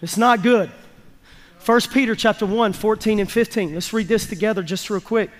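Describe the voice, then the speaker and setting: A pastor preaches to his congregation in a church sanctuary, his male voice sitting high at a moderate pace. He is emphatic and folksy and draws responses from the listeners, with the long reverb of a large hall on the recording.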